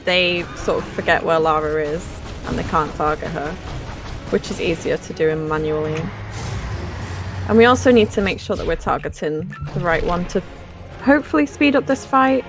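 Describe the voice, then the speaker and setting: Gravelly low-voiced woman commentating a run. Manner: relaxed and explanatory, frequent ums, light laughs. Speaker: speedrunner commentating her own run. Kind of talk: casual live commentary.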